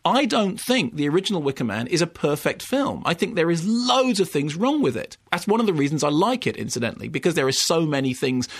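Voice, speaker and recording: A man giving a sardonic, animated film review, with mocking asides pitched high. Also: fairly quick, hardly any pauses, breathy edge. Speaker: film critic.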